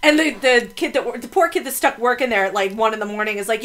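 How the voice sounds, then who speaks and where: Żartobliwa kobieta o jasnym głosie. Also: female voice, a little high, lively intonation, fast. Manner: playful, teasing, bursts into loud laughing shouts. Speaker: podcast co-host. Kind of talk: casual comedic podcast chat.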